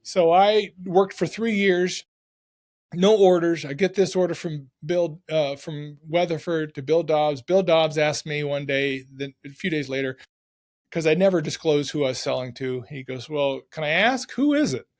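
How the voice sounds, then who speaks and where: A middle-aged man, a podcast guest, telling stories from his working life in a casual, excited and energetic way. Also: a little high, moderate pace. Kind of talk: casual storytelling.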